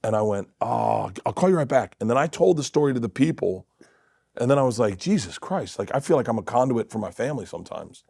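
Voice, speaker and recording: A middle-aged man, a comedian guest, telling animated family stories in casual chat and acting out quotes with cursing. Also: medium pitch, fast talker, creaky, breathy edge, dry recording. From Florida.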